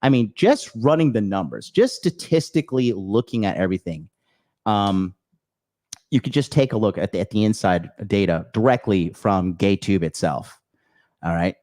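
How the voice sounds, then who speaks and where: Hosting his own podcast, a man with a lowish, expressive, slightly mellow voice rants at a moderate pace directly to camera. The rant is angry and profane, full of cursing and emphatic repetition, and he ridicules opponents with sneering imitations of their words.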